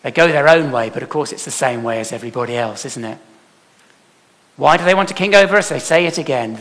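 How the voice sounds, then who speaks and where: A man preaching a sermon emphatically, putting rhetorical questions to his congregation and swinging from loud to soft. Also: on the high side. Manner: emphatic, with dramatic swings in loudness. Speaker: pastor.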